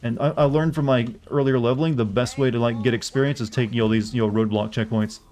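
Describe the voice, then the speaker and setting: A man's voice: medium pitch, steady tone, quick pace, a little mellow. A man streaming a game, chatting casually with his viewers and answering their questions, often restarting his sentences. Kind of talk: casual gameplay commentary.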